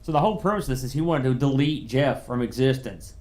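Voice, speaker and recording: Easygoing in tone, this podcast co-host talks fast in a mid-range, slightly mellow voice during a casual conversation. His long explanations ramble, circling back as he restarts sentences along the way.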